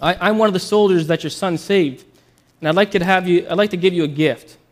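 A preacher playing a polite young soldier. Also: male voice, high-pitched, a little fast, lightly acted. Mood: earnest.

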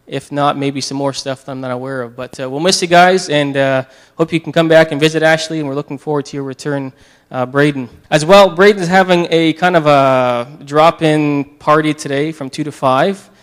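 A man leading a church service as pastor, praying and giving announcements in a halting way with many restarts, getting tearful. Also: a little high, fairly even intonation, clean tone.

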